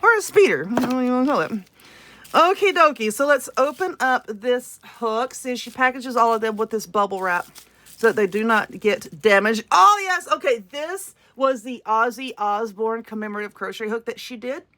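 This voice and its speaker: A woman's voice: fairly high pitch, moderate pace, fairly bright tone. A woman with a Southern US accent, gushing and exclaiming as she unboxes crafting goods in a casual vlog. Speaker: crafting vlogger. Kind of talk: excited unboxing chat.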